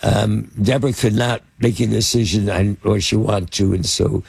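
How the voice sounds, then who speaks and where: A man's voice: lowish voice, level tone, vocal fry, a little mellow, slightly rough, no echo. An older man, a film producer and actor, telling anecdotes in an interview with many fillers and restarts. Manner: halting, lots of fillers and restarts. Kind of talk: anecdotal storytelling in conversation.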